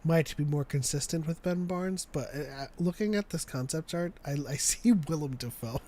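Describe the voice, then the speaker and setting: A man co-hosting a live show in casual chat, jokey and quick to laugh, trailing off and restarting. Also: on the high side, mellow. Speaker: podcast co-host.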